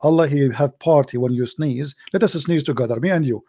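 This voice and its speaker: A man's voice: a little high, a little fast, dark tone, no room sound. A man with a slightly raised voice argues in a religious debate call. He mocks and pushes his questions sarcastically. His voice is recorded close and dry. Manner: sarcastic, mocking, pressing questions. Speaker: host of a debate call-in show.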